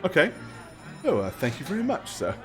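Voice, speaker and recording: A polite, deferential waiter , played by a game master, who speaks formally with many hesitations and a slightly lowered voice. Faint music hums underneath. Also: male voice, huge pitch swings, a little fast.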